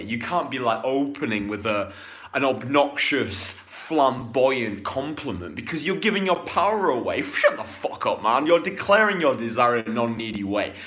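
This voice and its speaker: A man giving a dating coaching talk at a middle pitch, blunt and full of swearing. He hammers his points with sudden loud bursts, then drops into a low, slow murmur. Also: big pitch swings. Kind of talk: casual coaching talk to an audience.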